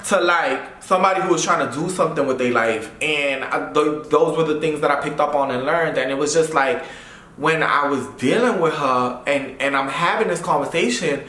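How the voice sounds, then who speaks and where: Bright-voiced young man telling a story. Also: a little high, moderate pace, roomy sound. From Brooklyn, New York. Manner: animated, mimics voices, says blah blah. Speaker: YouTuber. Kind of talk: storytime while getting ready.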